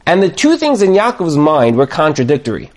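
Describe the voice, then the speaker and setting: A man teaching a Torah class, telling stories and acting out the people in them. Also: brisk. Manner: animated storyteller, jumps high to act out quoted voices. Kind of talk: lively Torah class with acted-out scenarios.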